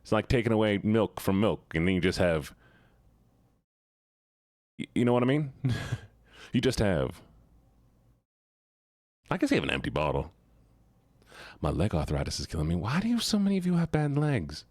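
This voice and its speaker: A man's voice: on the low side, sing-song, moderate pace, pauses often, darkish tone, dry recording, clean studio sound. A man streaming as a VTuber, chatting casually with his viewers in a rambling, joking, self-mocking way.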